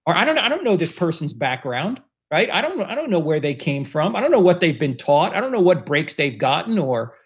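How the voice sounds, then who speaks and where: A man's voice: fairly high pitch, brisk, hardly any pauses, highs cut off. Joking man hosting a call-in Q&A. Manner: relaxed, joking, repeats words. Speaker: host. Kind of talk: casual livestream Q&A.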